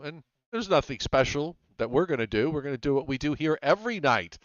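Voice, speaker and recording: A man hosting a live weather show, talking in a relaxed way with many fillers. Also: fairly high pitch, brisk, no echo, muffled recording. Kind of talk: live weather broadcast chat.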